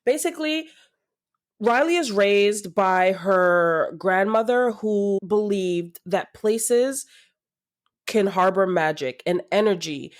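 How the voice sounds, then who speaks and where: A woman co-hosting a podcast, animatedly pitching a book recommendation in casual chat. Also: takes it slowly. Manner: animated, laughing, self-deprecating. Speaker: podcast co-host.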